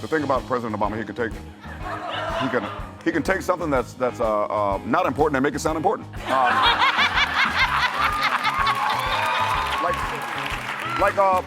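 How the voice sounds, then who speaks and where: A man putting on an impression of a measured male president who makes trivial things sound important, speaking with many pauses. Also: fairly high pitch, huge pitch swings, loud music behind the voice, over a noisy crowd, full character voice. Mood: pompous.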